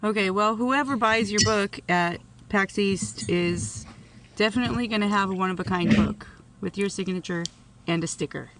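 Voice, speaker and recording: A woman's voice: medium pitch, normal speed, a bit bright. A woman co-hosting a podcast in an easygoing casual chat, laughing often. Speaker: podcast co-host.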